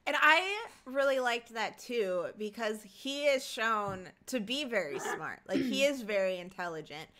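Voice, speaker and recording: A woman's voice: on the high side, animated, unhurried, pushed and bright. A woman co-hosting a podcast, talking casually and eagerly about a manga. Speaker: podcast co-host. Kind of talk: casual book club chat.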